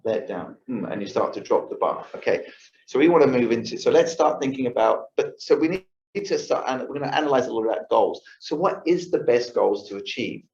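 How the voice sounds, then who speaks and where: A man with a mid-range, darkish voice and lively intonation speaks a little fast while giving a yoga class a casual talk on lifestyle. He performs his own thoughts out loud and keeps asking "right?" The recording, made in the yoga studio, is roomy and dull lo-fi.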